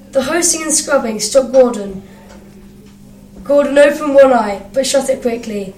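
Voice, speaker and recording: A woman reads a children's storybook aloud with expression, doing voices for the characters. Her voice sits a little high and echoes in the room. The mic is some way off, with faint ambience behind. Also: a little slow, warm tone, distant mic, a little hiss or hum. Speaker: narrator.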